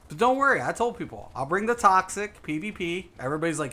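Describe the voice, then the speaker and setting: A man's voice: fairly high pitch, sing-song, fast talker, hardly any pauses, bright, forceful tone, a little hiss or hum. A man streaming a game, ranting casually and swearing often as he repeats himself. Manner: ranting, profane, repetitive. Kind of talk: casual gaming stream talk.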